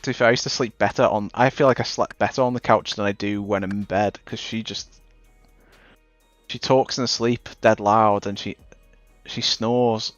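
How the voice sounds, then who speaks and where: A young man with a Scouse (Liverpool) accent talks at a normal pace in a fairly low, steady voice, chatting casually as he streams a game. His talk is rambling and self-interrupting, and the dull, dry recording carries faint music underneath.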